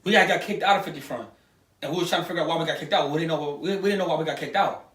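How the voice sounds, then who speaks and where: A man who co-hosts a podcast, telling a story in a heated, animated way with plenty of swearing. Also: fairly high pitch, racing. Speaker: podcast co-host. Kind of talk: casual chat. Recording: echoey room, distant mic.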